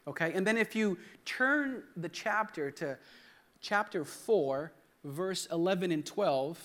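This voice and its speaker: A young man leads a sermon in a church hall at a slow pace, his high, fairly bright voice full of lively intonation. He jokes, restarts his lines, and has the congregation say words back to him.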